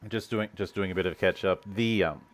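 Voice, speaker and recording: A man's voice: sits low, brisk. Rambling male podcast host, stop-start. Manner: rambling, with frequent restarts and stammered repeats. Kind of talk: casual podcast chat.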